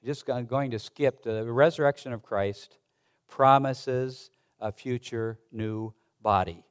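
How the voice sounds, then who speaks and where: A man, a pastor, preaching a sermon in a halting, conversational way with many restarts, reading old-fashioned scripture aloud. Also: mid-range voice, clear, resonant tone.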